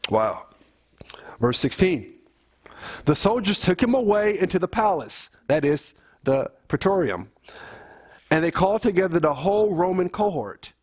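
A man with a fairly high voice reads scripture aloud to his family. He keeps breaking off into casual, emphatic commentary and restarts his sentences often. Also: darkish tone. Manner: conversational, emphatic asides, frequent restarts. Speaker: Bible study leader. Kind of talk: informal family Bible reading and commentary.

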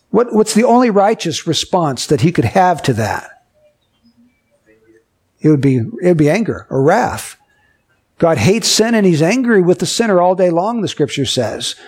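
High-voiced male preacher teaching slowly. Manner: explanatory, uses everyday stories to illustrate doctrine; emphatic, with slow stressed key phrases. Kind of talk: sermon.

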